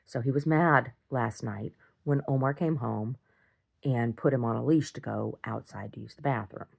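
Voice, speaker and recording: Gravelly woman telling a home story. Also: rumbling low, moderate pace. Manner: rambling, animated retelling with acted-out quotes. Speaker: video diarist. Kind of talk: casual storytelling video diary.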